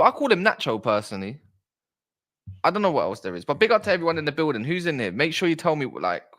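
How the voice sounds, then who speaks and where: Chatty man hosting a football stream. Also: mid-range voice. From South East London. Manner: chatty, shouts out viewers, reads chat aloud. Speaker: football livestream host. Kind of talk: casual livestream chat.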